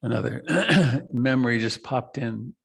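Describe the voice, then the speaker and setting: A middle-aged man giving a reflective meditation talk, slow and soft, with long pauses and trailing lines. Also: mid-range voice, animated, creaky, husky. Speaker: meditation teacher. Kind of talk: dharma talk.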